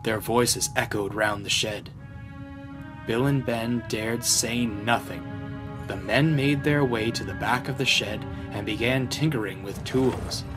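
A man's voice: medium pitch, unhurried. A man reading a children's train story aloud in a storyteller style. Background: background music.

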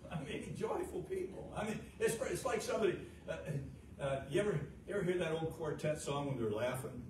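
A fervent middle-aged male pastor preaching in a folksy way, with a fairly high voice that climbs louder at its peaks and sinks low and quiet. He sounds set back from the mic in a roomy church sanctuary, with a steady noisy hiss in the recording. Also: a little fast, distant mic. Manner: folksy, with frequent "uh" fillers. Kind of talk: sermon.

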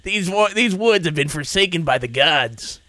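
A man voicing a weary, grumbling old male watchman in a horror game, speaking slowly and low. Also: lively intonation, bright, forceful tone, no echo.

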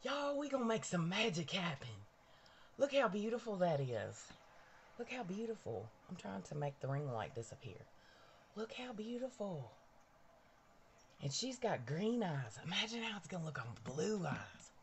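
A woman's voice: on the low side, big pitch swings, normal speed, a little hiss or hum. A woman hosting a casual live stream from her bedroom, chatty and bubbly, greeting viewers by name. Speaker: livestream host. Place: bedroom at home.

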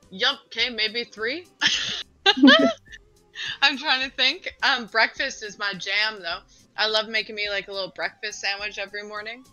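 An excitable, bubbly woman, a guest player, chatting and laughing over voice chat. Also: medium pitch, poor audio. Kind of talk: casual chat while gaming.

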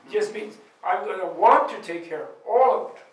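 High-voiced man giving a laughing dharma talk. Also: fairly quick. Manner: animated storytelling, laughs often, acts out quoted voices. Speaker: Buddhist teacher. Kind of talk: informal dharma talk at a retreat. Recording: echoey room recorded from far off.

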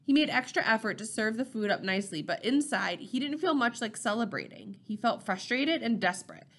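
A woman narrating a novel chapter in a steady, measured reading voice. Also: fairly high pitch. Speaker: audiobook reader.

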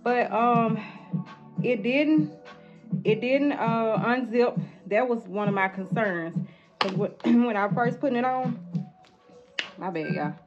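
A chatty woman records a casual home vlog and talks straight to her viewers as "y'all". Her voice sits a little high. Clear background music plays under her. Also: slow pace, long pauses, lo-fi sound. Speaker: vlogger. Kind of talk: casual vlog product review. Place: at home indoors.

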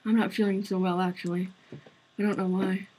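A woman voicing a sick, downcast teenage boy who speaks quietly, in a husky voice. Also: mid-range voice, little pitch movement, a little fast, natural voice, rough recording. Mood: weary. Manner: quiet, subdued.

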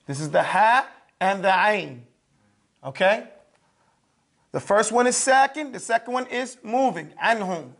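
A man with a fairly high voice leads a classroom lesson on Quran recitation. He drills each sound slowly and repeats it several times. He often stops to check that his listeners are following. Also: lively intonation, fairly bright tone.

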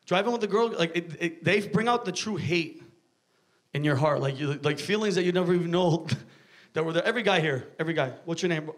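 A man doing a stand-up comedy set, cursing, ranting and riffing with the crowd on a club stage. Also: a little high. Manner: profane, ranting, acts out voices, riffs with the crowd. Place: comedy club stage before a live audience.

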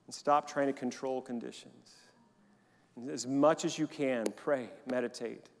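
A man's voice: medium pitch, steady tone, unhurried, gravelly. A man preaching a sermon to his congregation, leading them in call-and-response. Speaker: pastor. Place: church sanctuary during a service. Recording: long hall reverb in a church.

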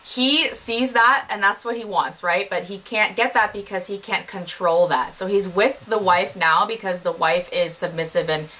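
A woman's voice: mid-range voice, moderate pace, hardly any pauses, bright, forceful tone. A woman co-hosting a podcast, chiming in casually with reactions and frank opinions. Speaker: podcast co-host. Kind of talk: casual chat.

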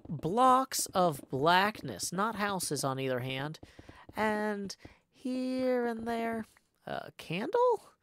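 A woman reading a classic novel aloud on a livestream, expressive and careful, with the odd stumble and self-correction. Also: mid-range voice, drawn-out words. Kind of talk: unhurried dramatic read-aloud.

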